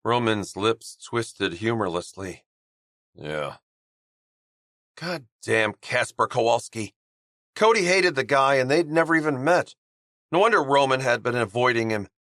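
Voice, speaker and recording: This is scripted narration of a romance audiobook, delivered by a man at a steady, measured storytelling pace. His mid-range voice comes through a dry, clean studio recording.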